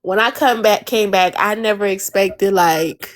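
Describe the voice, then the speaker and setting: A woman's voice: medium pitch, a little slow, dry recording, studio quality. A woman hosting a live audio chat room, blunt, teasing and profane in casual talk on a phone mic.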